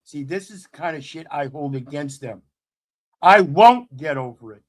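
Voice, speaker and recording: A man hosting commentary, preaching in a defiant way, swinging from loud outbursts to low asides. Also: animated, normal speed. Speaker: commentary host. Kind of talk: fired-up commentary.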